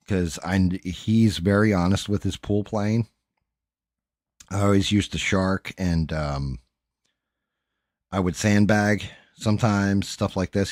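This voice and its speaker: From his home, a middle-aged livestream host talks openly with viewers, wandering from topic to topic and cursing freely. The studio-quality recording has no echo, and his voice is low and darkish.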